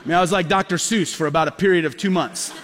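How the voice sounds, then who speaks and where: A middle-aged male pastor preaching a sermon as a lively storyteller, acting out the voices he quotes. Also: high-pitched, fast talker, a little hiss or hum. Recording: long hall reverb.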